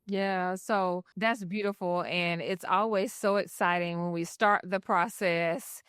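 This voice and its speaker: Woman, podcast host, encouraging, smooth resonant voice, dry sound. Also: on the low side, fairly even intonation, a little slow, a bit bright, dry recording. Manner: encouraging, upbeat. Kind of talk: interview questions.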